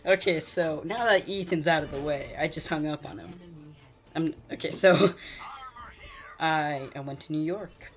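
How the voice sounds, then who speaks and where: A man's voice: a little high, moderate pace. A teenage boy co-hosting a gaming chat, joking and teasing his friend. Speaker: gaming channel co-host. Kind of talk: casual chat over a game call.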